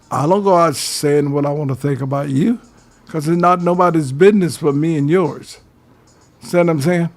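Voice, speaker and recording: Older male radio host, raspy and fairly high-pitched, preachy monologue style. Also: normal speed, darkish tone, soft background music. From Georgia, US. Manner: preachy, advice-giving, addresses listeners as fellas.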